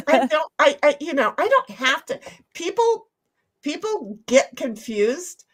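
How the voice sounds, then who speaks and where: Lively, high-voiced woman streamer. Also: slow. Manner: blunt, profane, playful. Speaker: stream co-host. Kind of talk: casual livestream chat.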